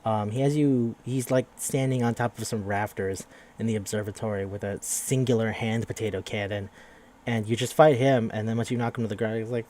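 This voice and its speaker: A man's voice: on the low side, fairly even intonation, brisk, darkish tone. A young man casually recapping a video game's story on a podcast, rambling and swearing as he acts out the characters' lines. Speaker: podcast host.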